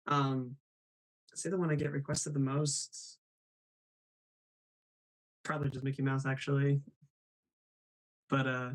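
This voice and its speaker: A man's voice: fairly high pitch, measured pace, long pauses, fairly bright tone, low-quality recording. Upbeat man hosting a live stream. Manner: upbeat, laughs often, reads chat aloud. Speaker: host.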